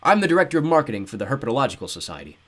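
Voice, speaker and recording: A man voicing a loud, brash, chubby man who talks bluntly and dismissively. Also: medium pitch, sing-song, very fast, pitched above the performer's own voice. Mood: booming brash. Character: booming brash chubby man, careless and smug.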